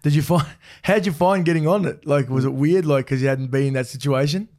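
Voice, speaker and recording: A man's voice: a little high, fairly quick, a little mellow. A man co-hosting a comedy podcast, chatty and giggling through stories. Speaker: podcast co-host. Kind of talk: casual comedy chat.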